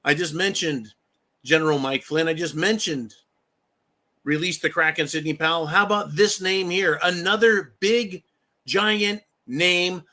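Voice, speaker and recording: A fired-up man hosts a live stream, swearing freely and hammering his points again and again. His voice is bright and forceful. He talks at a slow, drawn-out pace, a little higher than most men. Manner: fired up, profane, repetitive, addresses viewers as folks. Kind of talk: political live stream monologue.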